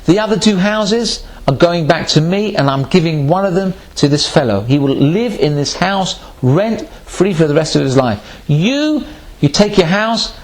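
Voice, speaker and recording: A man's voice: high-pitched, lively intonation, measured pace. A man playing an indignant duke who scolds his deputy, then reassures a tenant. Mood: scolding. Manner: exasperated, scolding. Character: indignant generous male duke landlord.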